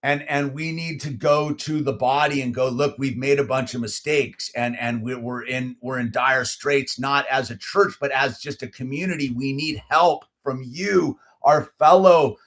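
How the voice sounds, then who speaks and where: A middle-aged man telling a story in casual chat, animated and heated, with lots of "dude" and "like" and many restarts. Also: mid-range voice, measured pace, few pauses. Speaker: channel host.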